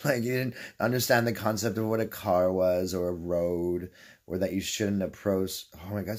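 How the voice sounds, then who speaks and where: Rambling Canadian man telling a story. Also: low-pitched. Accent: Canadian English. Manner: swears freely, drifts off on tangents, laughs mid-story. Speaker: vlogger.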